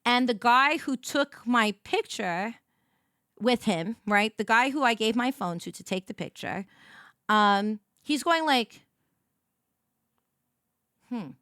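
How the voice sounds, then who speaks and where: A young woman streaming as a VTuber, telling a story in casual chat and greeting her viewers with big, bright jumps in her voice. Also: a little high, lively intonation, slow pace, pauses often, no echo, studio quality.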